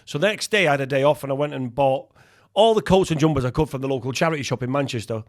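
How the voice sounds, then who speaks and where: A man's voice: mid-range voice, quick pace. Man, podcast co-host, rambling swearing storyteller. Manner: rambling anecdotes with restarts, swears freely. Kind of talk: casual chat.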